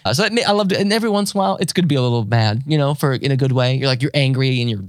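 A man chatting casually as a podcast co-host, animated and laughing, acting out quotes in exaggerated voices. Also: medium pitch, rapid-fire, no echo, studio quality. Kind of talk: casual chat.

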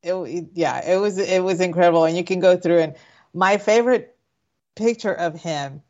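A woman co-hosting a casual talk show, talking in halting, rambling sentences. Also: on the low side, a little mellow, dull audio. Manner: rambling, halting, many restarts. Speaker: podcast co-host. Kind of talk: casual chat.

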